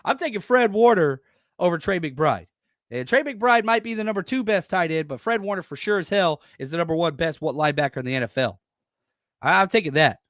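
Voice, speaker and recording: A man's voice: high voice, no room sound. Fired-up man with a dry close voice. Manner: blunt, salty, gets loud and fired up. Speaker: podcast host and former coach. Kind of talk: casual solo football preview reading live chat.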